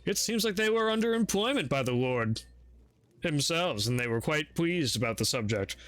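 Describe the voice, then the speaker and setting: A fussy, overly formal manservant who answers everything with a bow, as a man voices him. His voice is bright and is lifted a little above the speaker's usual pitch. The recording is dry and close. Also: animated, moderate pace, no room sound. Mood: deferential. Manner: stiff, overly formal, bowing. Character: polite formal male servant, fussy and deferential.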